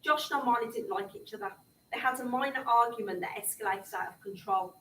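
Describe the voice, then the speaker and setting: Mum giving an emotional talk, echoey room, sounds a bit far from the mic. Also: female voice, on the high side, brisk, a bit bright, slight background noise. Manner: impassioned, storytelling. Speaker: mother giving a talk to young people.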